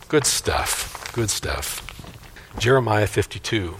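A man's voice: medium pitch, moderate pace, a bit bright. An older man, a pastor, preaching a sermon and telling a folksy story from his childhood.

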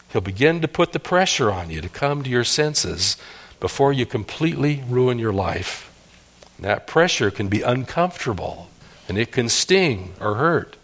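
A middle-aged male pastor preaching at an ordinary mid pitch. He pleads earnestly with his listeners, pushing up into emphatic cries before sinking into quiet, heavy lows. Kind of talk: sermon.

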